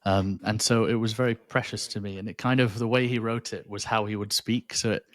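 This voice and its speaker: A man's voice: on the low side, fairly even intonation, brisk, no room sound. A man, a podcast guest speaking thoughtfully and earnestly about his faith, often restarting his sentences. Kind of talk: reflective faith interview.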